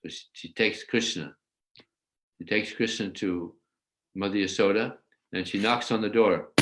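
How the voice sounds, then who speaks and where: A man giving a scripture class, explaining a verse and telling stories in an animated way. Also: lowish voice, measured pace, pauses often. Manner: animated storyteller, acts out voices. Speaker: religious teacher.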